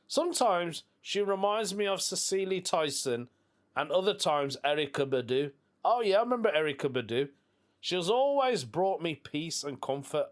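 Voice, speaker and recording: A British man hosting a casual solo podcast, reading a listener's story aloud with chatty asides and frequent laughs. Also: on the high side. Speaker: podcast host.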